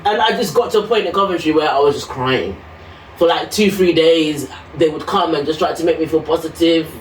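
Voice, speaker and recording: A woman telling her own story casually and animatedly, acting out what others said to her. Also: a little fast. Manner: animated, acts out quotes in high voices. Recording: echoey room, mic at a distance, faint noise.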